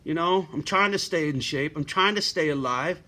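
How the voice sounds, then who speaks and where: A man's voice: on the high side, normal speed, sharp tone. A middle-aged man ranting bluntly to his viewers in a profane, surly home vlog. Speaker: vlogger. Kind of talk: profane rant to camera.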